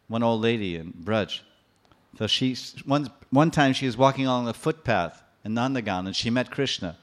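A man giving a sermon, explaining scripture and acting out the stories in a lively manner. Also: medium pitch. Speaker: preacher. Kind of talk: sermon with storytelling.

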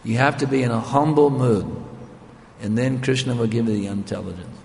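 An older male spiritual teacher with a gravelly voice tells a story in a sermon. He keeps checking in with his listeners in a conversational way. A long hall reverb trails his words. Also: mid-range voice, a little fast, darkish tone, slight background noise.

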